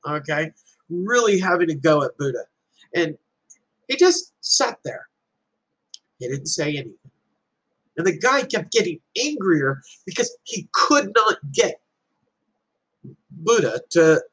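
Offering life advice in an earnest, reflective motivational talk, a man who has children illustrates his points through stories and parables. His voice is on the high side, fairly bright, with a breathy edge, and the recording is rough.

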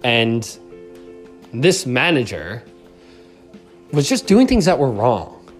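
A man giving a motivational talk on communication, animated and casual, often checking in with the listener. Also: mid-range voice, slow, faint music behind. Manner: animated, acts out quoted voices, says "right?" often. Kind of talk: motivational self-help talk.

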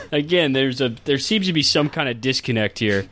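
A man's voice: medium pitch, expressive, moderate pace, fairly bright tone. A man reading and riffing in casual comedic chat, sarcastic and laughing often.

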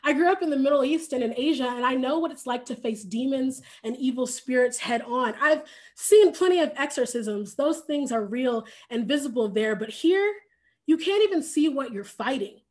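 Earnest young churchwoman, plain-spoken, high voice, as a woman retells her words. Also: animated, normal speed.

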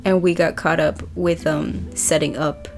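A woman's voice: low voice, steady tone, measured pace, soft background music. A young woman chatting casually, self-mocking and swearing, before reading a story aloud. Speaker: story reader. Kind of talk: casual chat.

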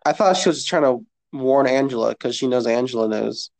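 A man's voice: mid-range voice, fairly quick, gravelly, a little mellow. Casual male co-host, mid-range voice, rambling and profane, lots of fillers. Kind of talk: casual chat.

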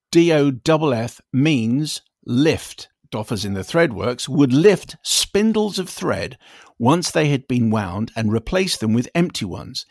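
A man's voice: medium pitch, gravelly, husky, dry recording. A man co-hosting a film podcast from a spare room at home, chatting casually and reading listener emails aloud in a dry, teasing way. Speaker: podcast co-host.

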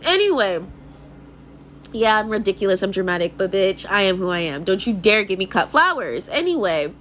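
A woman's voice: fairly quick, slight background noise. A young woman talking in a rambling, emphatic casual monologue, full of "like" fillers and swearing, sometimes laughing. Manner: animated, laughs and jumps into high mock voices.

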